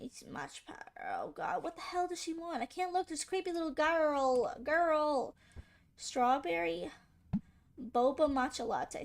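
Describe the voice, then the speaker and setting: A young woman with a high voice chats casually through a game, teasing and sassing the characters on screen. Her commentary is playful, quick to joke and quick to complain. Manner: playful, sassy, talks back to game characters. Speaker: gaming channel host.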